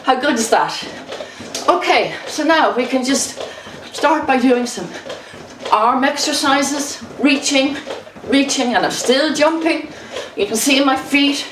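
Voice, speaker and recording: A woman's voice: on the high side, echoey room, distant mic, slight background noise, rough recording. A woman leading a rebounding workout, cheerful and encouraging, a little out of breath as she keeps jumping while she talks. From Ireland. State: slightly out of breath. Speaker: exercise instructor. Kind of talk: exercise demonstration. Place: indoors at home.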